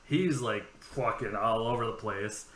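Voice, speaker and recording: A man co-hosting a podcast in casual chat, telling profane, animated stories and laughing often. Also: fairly low pitch, unhurried, reverberant, slight background noise. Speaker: podcast co-host.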